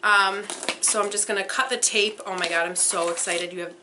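Gushing, excitable young woman unboxing. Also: medium pitch, brisk, a little hiss or hum. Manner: gushing, gasping, breathless excitement. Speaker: unboxing vlogger.

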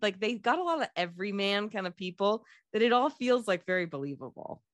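A young woman co-hosts a loose movie podcast, talking fast and animated with plenty of swearing. She keeps slipping into squeaky mocking voices for characters. Her mid-pitched voice sounds close and dry, with no room around it. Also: no room sound. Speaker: podcast co-host. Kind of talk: casual movie chat.

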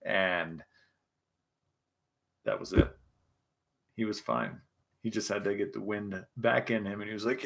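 A man's voice: on the low side, measured pace, gravelly, pauses often, a bit bright. A young man hosting a casual livestream chat, a bit tipsy from scotch, rambling and swearing as he reads chat and tells stories. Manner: rambling, profane, laughing storyteller. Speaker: livestream host.

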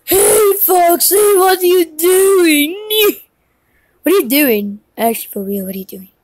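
A squeaky, very high-pitched cartoon girl played by a woman, hyper and easily thrilled. She shrieks and gushes, her voice leaping all over the place while she drags out her words slowly. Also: sing-song, exaggerated voice, rough recording. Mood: mumbling. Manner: squealing, shrieking, gushing fan.

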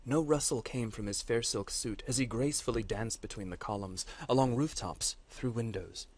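A man, a course instructor, reading a fantasy story aloud in a measured, dramatic way. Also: mid-range voice.

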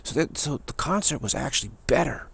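A man's voice: on the high side, expressive, fairly quick, creaky, a bit bright, slightly rough. A man, a spiritual teacher, telling a personal story and acting out what other people said.

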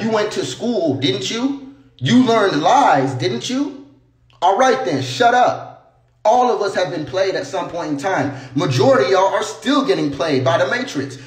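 A man's voice: sits high, roomy sound. A young man in a passionate, swearing monologue, preaching at his viewers and calling them bro. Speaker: online personality.

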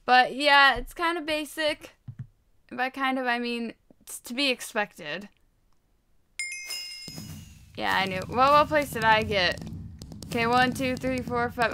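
High bright-voiced excitable woman gamer. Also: unhurried, long pauses, a little hiss or hum. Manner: excitable, rambling, self-mocking. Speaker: Minecraft video creator. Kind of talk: casual gameplay commentary.

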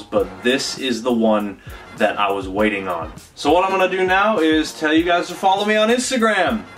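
A man's voice: medium pitch, fairly bright tone, recorded from a distance. A young man vlogging a sneaker unboxing, chatty and rambling, with emphatic repeats. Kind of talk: casual vlog unboxing. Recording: off-mic with faint music underneath.

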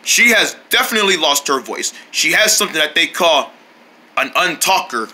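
A man putting on the voice of a calm, low-voiced male doctor who talks slowly and mumbles. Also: heavily acted.

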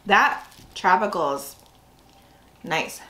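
Woman, snack review host, casual chat, chatty, thinks aloud, mid pitch. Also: lively intonation, slow pace, bright, forceful tone, poor audio.

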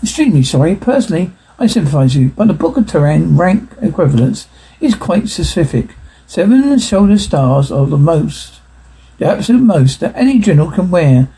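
A man's voice: on the high side, big pitch swings, normal speed, mellow, husky, exaggerated voice, low-quality recording. A man reading a prim apologetic official.

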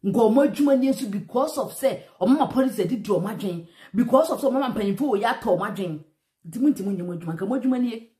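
A woman's voice: fairly high pitch, lively intonation, rapid-fire, mellow. A Ghanaian woman giving casual, emphatic commentary, mixing Twi and English and repeating herself for stress. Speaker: vlogger commenting on news.

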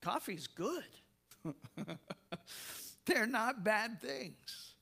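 A man preaching a sermon as pastor, slow and emphatic, with soft laughs and repeated words. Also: very high voice, sing-song, vocal fry, slightly rough.

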